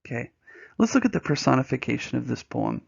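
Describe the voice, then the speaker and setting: A man teaching a poetry lesson, telling a story in an animated way and acting out voices and sounds along the way. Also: mid-range voice, fast talker, creaky, slightly rough, dull audio.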